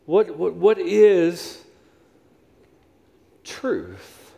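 A man's voice: high-pitched, big pitch swings, drawn-out words, creaky, mellow. A man preaching a sermon in a church, repeating his phrases for emphasis. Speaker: pastor. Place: church sanctuary. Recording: long reverb of a large hall.

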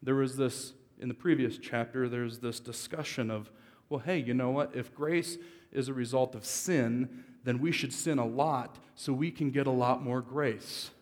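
A male pastor preaches in a relaxed, joking way and breaks into loud emphatic bursts. His mid-range voice rings out through the long reverb of a large church hall. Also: medium pitch, unhurried. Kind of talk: sermon. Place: church service.

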